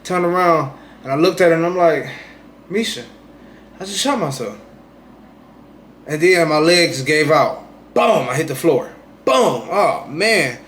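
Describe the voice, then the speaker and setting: A young man rambling through a personal story in casual vlog talk, often asking "you know what I'm saying", swinging between loud bursts and quiet asides. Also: a little high, measured pace, slight background noise. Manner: animated retelling, swings loud and soft. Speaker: streamer telling his own story.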